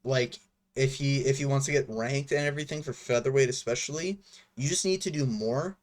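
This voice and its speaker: A man's voice: medium pitch, a little fast. Young male fight vlogger, casual and blunt, rambling delivery with lots of fillers and swearing. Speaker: MMA commentary vlogger.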